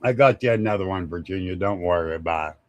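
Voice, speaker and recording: A man's voice: low-pitched, fast, dry recording, lo-fi sound. A man hosting a casual live stream, rambling, chuckling often and greeting viewers by name. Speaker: livestream host.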